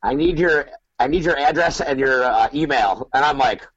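A man's voice: mid-range voice, moderate pace, a bit bright, lo-fi sound. A man chatting casually as a podcast guest, telling stories with swearing and frequent laughter. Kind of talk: casual chat.

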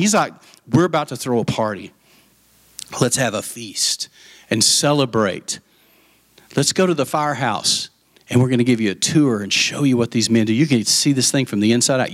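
A man preaching a sermon, retelling a Bible story with lively acted-out voices and asides to the congregation. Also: mid-range voice, brisk. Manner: animated storytelling, acting out voices of the parable. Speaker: pastor.

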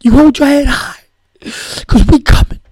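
A man mocking an overwrought, tearful male football star who shouts in a high, emotional voice. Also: normal speed, no echo. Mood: rousing.

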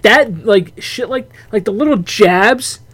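A man co-hosting a casual podcast, chiming in with quick reactions and swearing. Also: sits high, lively intonation, fairly bright tone, breathy edge. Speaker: podcast co-host.

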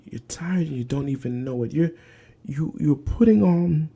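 A young man runs a podcast with preacher-like emphasis, repeating lines and occasionally whispering. His voice leans high and warm, creaky and breathy at the edges, moving at normal speed.

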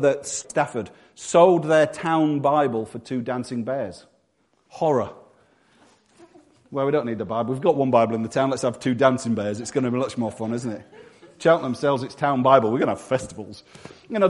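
Brief: English male preacher, higher pitch, jokey, mimics voices mid-sermon. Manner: humorous, acts out voices and quotes.

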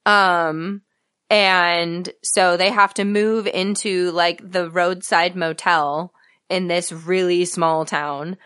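A woman co-hosting a podcast in a loose, casual chat. Her voice is bright and crisp, sitting a little low. She hesitates often and fills gaps with ums. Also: steady tone, takes it slowly. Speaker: podcast co-host.

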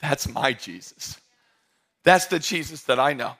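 A male pastor preaching a sermon with lots of energy, mixing jokes and sudden shouts with soft, intimate moments. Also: medium pitch, expressive, measured pace, breathy edge. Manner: drops to soft, intimate tones for emphasis.

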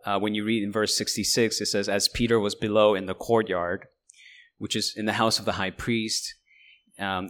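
Low-voiced pastor preaching with many fillers. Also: male voice, fairly bright tone. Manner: conversational, halting, with many fillers and restarts. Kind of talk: sermon.

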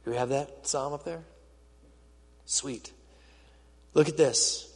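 A man preaching in a church auditorium, his voice sitting high and a little husky. He tells the story with drama, surging loud and then falling nearly silent. A long reverb trails every phrase. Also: moderate pace, pauses often. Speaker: pastor. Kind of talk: sermon. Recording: reverberant hall.

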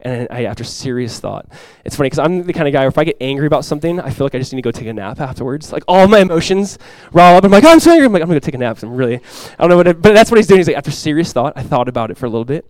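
A young adult man, a pastor, preaching a sermon in a casual, animated storytelling way. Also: on the high side, very fast, dry recording, low-quality recording.

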